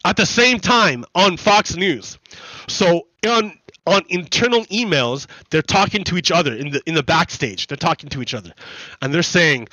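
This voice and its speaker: A man hosting a gaming channel, explaining in a repetitive, halting way full of restarts during casual commentary over gameplay. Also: on the high side, sharp tone, no echo, highs cut off.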